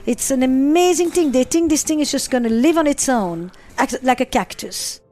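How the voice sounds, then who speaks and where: A woman's voice: sits high, normal speed, dark tone, faint music behind. A middle-aged woman psychotherapist answering interview questions, emphatic and given to repeating phrases for effect.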